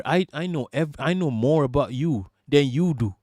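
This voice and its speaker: A man rants on a live stream in a raised, fairly high voice, cursing freely and mocking whoever he answers. The sound is close and dry. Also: lively intonation, moderate pace, few pauses, darkish tone, dry recording. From Malaysia. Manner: profane, mocking, indignant. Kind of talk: live-stream commentary rant.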